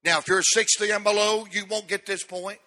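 A man's voice: sits high, steady tone, a little fast, pushed and bright, big-room sound. A man in his sixties preaching a sermon as pastor in a church, emphatic and repeating key words for stress. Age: 60s.

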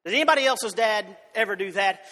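A man's voice: high voice, brisk, bright, forceful tone. A man preaching a sermon in a church, fervent, often repeating and restarting his words. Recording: long hall reverb.

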